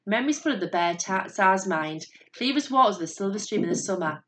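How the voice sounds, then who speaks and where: A woman narrating a story in a steady, measured voice. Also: medium pitch, a little hiss or hum.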